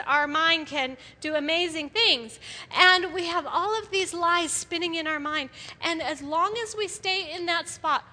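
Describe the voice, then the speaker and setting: Bright high-voiced woman preaching in a hall. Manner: animated, laughs often, acts out quoted voices. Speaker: women's ministry speaker. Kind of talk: sermon to a women's audience. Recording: live hall with long reverb.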